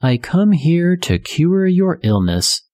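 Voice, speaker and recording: A reader doing a sly, hungry tomcat from a storybook who sweet-talks his way to the door. The voice is lifted higher than a plain reading, and the words come slowly. The sound is close and dry. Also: very animated, darkish tone, no echo. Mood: coaxing. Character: hungry scheming male cat posing as doctor.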